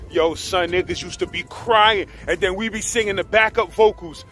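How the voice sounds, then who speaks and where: A man with a New York accent telling a prison story in a casual, animated, profane and slang-heavy way, mimicking others as he goes. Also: high voice, normal speed.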